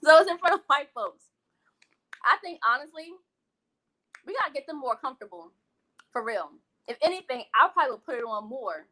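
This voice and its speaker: A West Indian woman hosting a live eating stream, chatting casually with viewers in a sassy, animated way and laughing often. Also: high voice, a little fast, long pauses, rough recording. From West Indian, living in Brooklyn. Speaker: host of a live eating show. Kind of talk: casual live-stream chat, reading comments.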